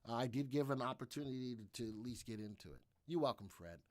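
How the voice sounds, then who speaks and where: A man's voice: mid-range voice, animated, fast, darkish tone, no echo. A man hosting a live trading room, talking energetically and repetitively through his trades while answering viewers' questions.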